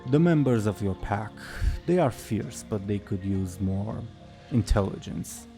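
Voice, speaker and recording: A man voicing a weary, proud old male raptor god who speaks slowly and gravely. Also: lowish voice, animated, dark tone, faint music behind.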